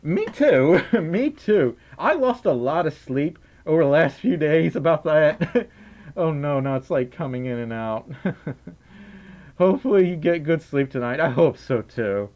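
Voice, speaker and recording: A young male streamer rambling through donations and viewer questions, laughing easily and losing his train of thought. His voice sits a little high and swings up and down a lot as he talks. He sounds casual and easily distracted. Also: expressive, measured pace, a little mellow, muffled recording. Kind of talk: casual livestream chat, reading donations.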